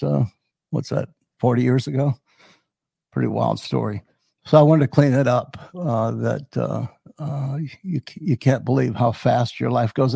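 Older male podcast host in his 70s, gravelly and husky, rambling storyteller. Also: medium pitch, mellow, dry recording. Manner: rambling, many fillers and restarts. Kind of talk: personal storytelling.

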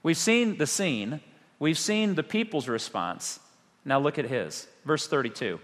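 A male pastor preaching a sermon, animated, with rhetorical questions and dramatic pauses. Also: medium pitch, long reverb tail.

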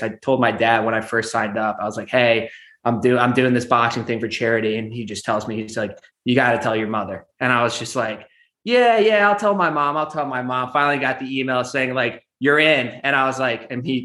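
A man's voice: mid-range voice, bright, forceful tone. A young man in his twenties, a guest in a casual interview, talking easily and laughing through his stories. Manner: easygoing, laughs while telling stories. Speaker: guest, amateur charity boxer. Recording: roomy echo.

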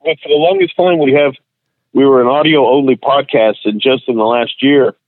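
Comedian on a tinny phone line. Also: male voice, medium pitch, lively intonation, moderate pace, vocal fry, no room sound. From Houston, Texas. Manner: laughs through his anecdotes. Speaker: guest comedian and voice actor. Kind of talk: casual storytelling.

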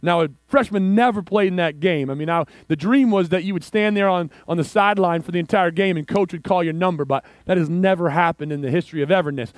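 A man preaching a sermon, telling a story and swinging from hushed, slow lines to excited outbursts. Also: sits high, no echo. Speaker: pastor.

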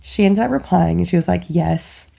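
A woman's voice: lowish voice, moderate pace, vocal fry, mellow, slightly rough. A woman podcast host candidly telling a personal story in casual chat, swearing freely and filling with "like". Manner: candid, swears freely, chatty with many likes.

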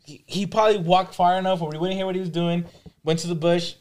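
A man's voice: high voice, little pitch movement, fast talker, a little mellow. A man chiming into a friends' conversation, rambling with many fillers. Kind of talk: casual chat among friends.

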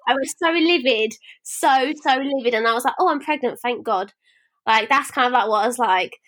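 A woman's voice: fairly high pitch, brisk. A woman co-hosting a podcast, telling frank stories in casual chat and acting out what people said. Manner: frank, animated storytelling with acted-out quotes. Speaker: podcast co-host.

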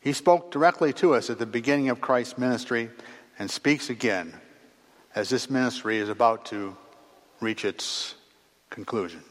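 A man delivering a sermon in a steady, mid-pitched voice. He speaks earnestly and pauses between phrases, letting his voice fall at the close of each thought. The sound carries the long reverb of a large church hall. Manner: measured, earnest, pausing between phrases, voice dropping at phrase ends. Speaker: preacher.

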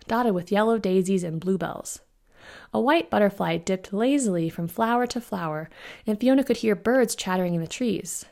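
Gravelly-voiced woman reading a novella. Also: mid-range voice, darkish tone. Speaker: author reading her own novella. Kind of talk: audiobook-style fiction narration.

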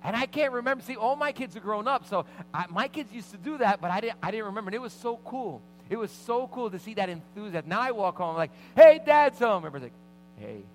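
A middle-aged man preaching as pastor, telling a lively personal story and acting out the voices of the people in it. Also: high voice, quick pace, few pauses, slight background noise, rough recording. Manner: animated anecdotes with vivid quoted voices. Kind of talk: sermon storytelling.

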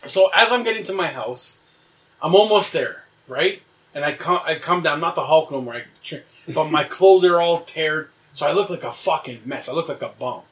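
A man's voice: fairly high pitch, animated, moderate pace, distant mic. A young man animatedly telling a wild dream story in casual chat, swearing and laughing as he goes.

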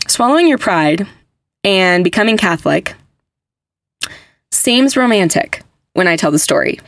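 A woman's voice: mid-range voice, lively intonation, a little slow, dry recording. A young adult woman hosting a podcast, chatting casually and emphatically with lots of "like" fillers. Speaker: podcast host. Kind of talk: casual faith podcast chat.

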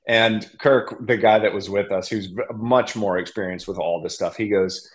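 A young man telling a hunting story in a casual podcast chat, animated and laughing, acting out what others said. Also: lowish voice, normal speed, hardly any pauses. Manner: animated, laughing, acts out quotes. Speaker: podcast guest.

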